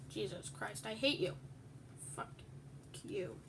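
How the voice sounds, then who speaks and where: A woman's voice: medium pitch, takes it slowly, gravelly, fairly bright tone, slightly rough. A young woman commenting on her own game play, swearing and screaming in fury at other players. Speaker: gamer. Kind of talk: gaming commentary.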